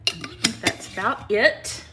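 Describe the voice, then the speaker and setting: An Alabama home cook hosts a live stream from her kitchen, speaking slowly and expressively in a mid-range voice against a noisy background. Folksy and warm, she greets viewers by name, says "y'all" frequently, and clears her throat from allergies.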